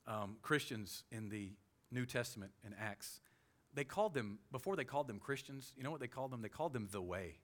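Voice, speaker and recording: A man with a Southern US accent preaching a sermon as pastor, animated, with quick humorous asides. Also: medium pitch. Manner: animated preaching, with sudden loud jokey voices and soft asides.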